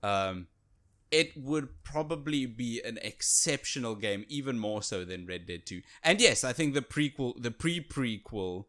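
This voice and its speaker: A man's voice: medium pitch, expressive, unhurried, fairly bright tone. A man co-hosting a casual podcast chat, gushing with enthusiasm. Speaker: podcast co-host.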